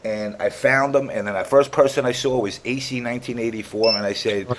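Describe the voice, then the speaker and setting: A man's voice: medium pitch, brisk, hardly any pauses, noisy background. A man hosting a gaming talk show, telling a long story casually, rambling, repeating himself and swearing freely.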